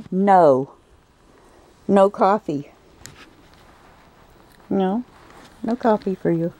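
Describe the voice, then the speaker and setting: A woman with a warm, mellow voice, somewhat low for a woman, talks to her pets at home at night. She coos and scolds in a sing-song way, holding the camera in one hand, and turns to the viewers to explain how she keeps them. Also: slow pace, pauses often, low-quality recording. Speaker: pet keeper vlogger. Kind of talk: casual talk to her pets while filming. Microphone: handheld camera.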